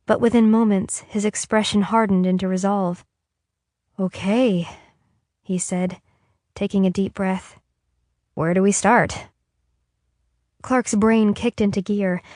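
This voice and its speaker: A woman narrating an audiobook in a calm, even reading. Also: medium pitch, no room sound, clean studio sound. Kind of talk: scripted narration.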